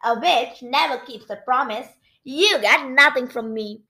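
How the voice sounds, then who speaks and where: A woman's voice: sits high, unhurried, pushed and bright, full character voice. A woman voicing a cruel queen of witches who mocks and shrieks threats. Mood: mocking. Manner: shrieking, mocking.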